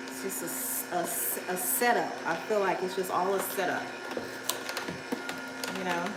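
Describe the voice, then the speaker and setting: A woman's voice: fairly low pitch, very noisy. Effusive chatty woman in an echoey room. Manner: effusive and chatty, emotional exclaiming. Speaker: vlogger. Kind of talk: casual talk to camera. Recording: echoey room with faint ambience.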